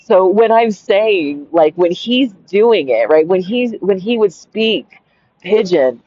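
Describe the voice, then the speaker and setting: A woman's voice: medium pitch, expressive, slow pace, dark tone, dry recording. Woman storyteller, digressive and chatty, lots of "like" and "right?", dry close mic, dull lo-fi sound. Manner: digressive, giggly, many "like" and "right?" fillers. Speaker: storyteller reading and commenting on her own anecdote. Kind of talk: casual reading with rambling asides. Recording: dull lo-fi home recording.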